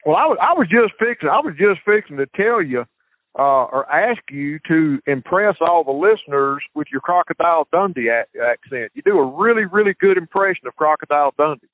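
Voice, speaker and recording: A man's voice: on the high side, lively intonation, brisk, no echo. Folksy Southern man on a tinny line. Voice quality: folksy, repeats words. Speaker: podcast host. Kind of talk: casual chat. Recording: tinny phone-like line, dry.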